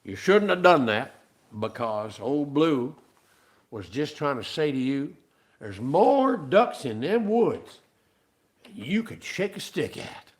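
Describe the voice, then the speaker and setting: A man's voice: very animated, takes it slowly. A man drawling as a stubborn old farmer. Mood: calm. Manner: low, quiet drawl. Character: slow-talking rural male farmer, calm and stubborn.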